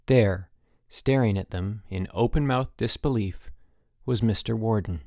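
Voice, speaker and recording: A man narrating an audiobook in lively storytelling narration. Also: on the low side, measured pace, dry recording, studio quality. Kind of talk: scripted narration.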